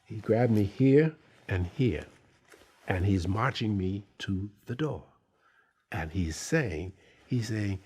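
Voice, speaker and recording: A man telling a personal anecdote in an interview, slow and deliberate, pausing with fillers. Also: lowish voice, lively intonation, a little mellow, husky. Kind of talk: storytelling anecdote.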